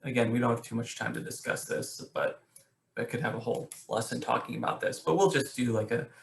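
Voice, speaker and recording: A man teaching a literature class over a video call, talking with many pauses and restarts and asking the students questions. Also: mid-range voice, steady tone, gravelly, reverberant. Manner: hesitant, restarts often, asks questions. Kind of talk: online class discussion.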